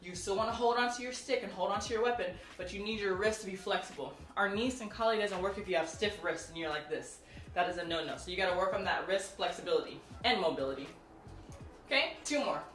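A woman's voice: medium pitch, fast talker, fairly bright tone. Woman coaching martial arts in an echoey room. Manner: counts out moves and cues students; chatty, laughs and jokes with viewers. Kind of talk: instructional tutorial. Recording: echoey room, mic at a distance, faint music.

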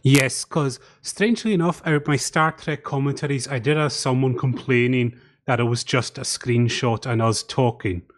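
A man's voice: medium pitch, fairly even intonation, normal speed, hardly any pauses. Chatty male podcast host. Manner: chatty, organizes the talk and guides the others. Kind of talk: casual group commentary.

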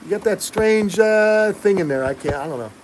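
A middle-aged man with a New York accent answers live chat in a relaxed, joking way, full of uh fillers. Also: high-pitched, moderate pace, slight background noise, low-quality recording. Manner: relaxed, chatty, many uh fillers, jokey asides. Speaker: reptile keeper and channel host answering live chat. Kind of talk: casual live-stream chat.

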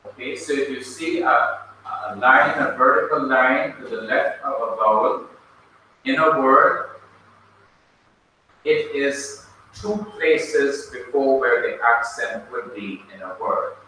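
A man with a Jamaican accent teaching a classroom lesson, slow and patient, spelling words out letter by letter. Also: mid-range voice, bright, forceful tone. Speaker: Bible college teacher. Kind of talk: classroom lecture. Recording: echoey room, distant mic, faint noise.

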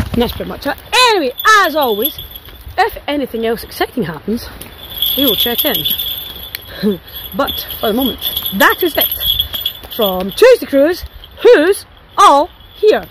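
A woman's voice: medium pitch, noisy background. A Scottish woman vlogging while walking a pack of dogs outdoors, cooing at them in a sing-song voice. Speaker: dog walker vlogger. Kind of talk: chatty narration to camera. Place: outdoors in woods on a rainy day.

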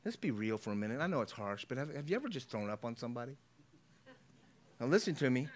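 A man's voice: mid-range voice, sing-song, fast talker. A middle-aged man preaching a sermon as pastor, talking conversationally, repeating his words and checking in with his listeners.

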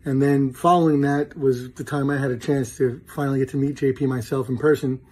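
A man's voice: mid-range voice, fairly even intonation, a little fast, a little mellow, slightly rough. A man presenting an award over a video call, reading through a career summary with occasional fillers.

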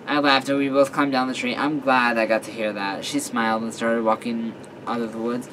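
A man casually reading his own fan story aloud, halting with fillers and self-corrections. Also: medium pitch, level tone, a bit bright, a little hiss or hum, low-quality recording. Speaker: story reader.

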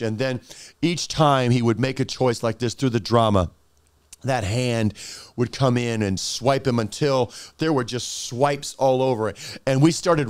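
Male pastor, lively sermon teller, clear dry voice. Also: mid-range voice, dry recording. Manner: animated storytelling with restarts.

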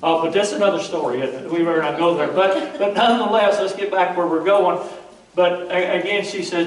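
In an echoey church sanctuary, a preacher speaks briskly and in a fairly high voice, telling scripture stories in a homespun, conversational way. He stands at a distance from the microphone, and his voice reverberates through the room.

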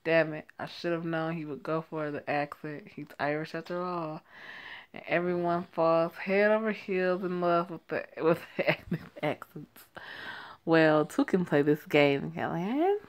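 A woman's voice: sits low, fairly even intonation, normal speed, smooth. A young woman reading her own first-person story aloud, casual and sassy, often laughing and adding asides. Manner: giggly, sassy, breaks off to laugh and comment.

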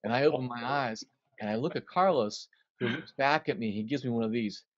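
A man's voice: mid-range voice, fairly quick, highs cut off. A man, a drummer, telling a story in an interview and acting out the quotes. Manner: animated storyteller, acts out quotes.

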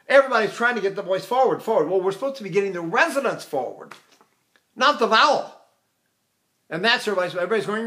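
An older man leads a singing lesson with a high, bright voice. He talks with lively energy and often breaks off to demonstrate sounds. He chuckles readily as he explains technique. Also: fast talker. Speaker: voice teacher.

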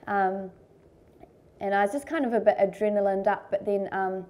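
A woman's voice: mid-range voice, fairly even intonation, moderate pace, mellow, slight background noise. A woman from Christchurch with a New Zealand accent, recalling events casually and earnestly. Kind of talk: documentary interview recollection.

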